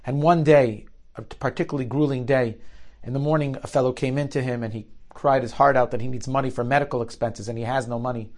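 A man telling a story aloud, dropping in Yiddish and Hebrew words and shifting his voice for the people in it. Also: fast. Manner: lively, shifts pitch and volume for quoted characters; uses Yiddish and Hebrew terms. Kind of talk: spoken storytelling.

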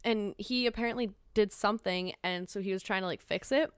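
Smooth-voiced woman, rambling and animated. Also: medium pitch, brisk, dry recording, studio quality. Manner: rambling, animated storyteller, jumps into tangents. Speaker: podcast guest. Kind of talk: casual chat.

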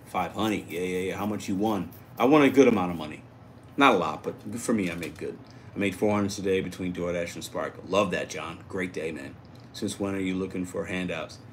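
A man from Puerto Rico hosts a casual livestream, reading viewer comments aloud and answering them in an upbeat, chatty way. His voice is low-pitched and a little fast, with a slight hiss or hum in the audio.

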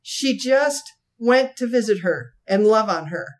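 A woman co-hosting a podcast, telling a story in a casual, animated way, laughing often and slipping into acted quotes. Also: fairly high pitch, a little slow. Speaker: podcast co-host.

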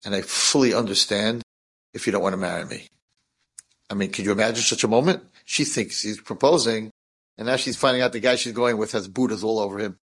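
Husky middle-aged rabbi telling a story. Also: male voice, brisk. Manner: animated, acts out dialogue with big pitch swings. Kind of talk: inspirational storytelling talk.

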